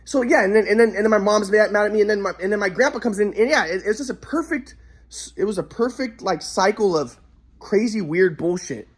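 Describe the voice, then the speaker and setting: In an echoey room, a vlogger with a high, brisk voice rambles agitatedly through his own story. He swears often, repeating himself and restarting sentences.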